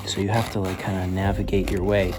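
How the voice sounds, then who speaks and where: A man's voice: deep voice, level tone, fast talker. A man casually walking through his paper game, rambling and filling his talk with "like" and "um". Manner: rambling, full of "like" and "um". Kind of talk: casual walkthrough. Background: background music.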